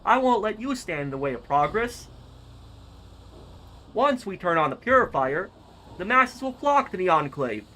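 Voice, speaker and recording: A man's voice: sits high, very animated, moderate pace, long pauses, bright, forceful tone, voice pushed up, exaggerated voice, poor audio. A man voicing a stern male military colonel with a Louisiana accent, delivering grand declarations. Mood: declaiming.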